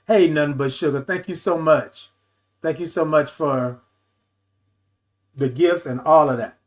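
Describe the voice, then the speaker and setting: Reading comments on his relaxed livestream talk show, this man in his fifties answers with warmth and energy, addressing people as "baby" and "y'all." His voice is a little high and his delivery a little slow.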